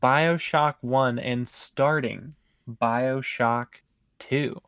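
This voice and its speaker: A man talking loosely about a video game, with lots of "like" as he circles his point. His voice sits at an ordinary pitch and sounds close and dry, with no room behind it. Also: fairly even intonation, extremely slow, a bit bright, clean tone, dry recording. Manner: rambling, fills with "like". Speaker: co-host. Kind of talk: casual gaming chat.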